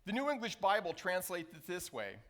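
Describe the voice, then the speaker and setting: A man preaching a sermon as a pastor, reading scripture aloud and slowing down to stress key phrases. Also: high-pitched, wildly swooping pitch, a bit bright. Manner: reads scripture passages aloud.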